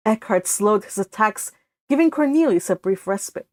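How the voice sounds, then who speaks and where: A woman's voice: medium pitch, animated, moderate pace, a little mellow, dry recording. A woman reading her own fan fiction aloud, narrating steadily in a read-along with occasional slips.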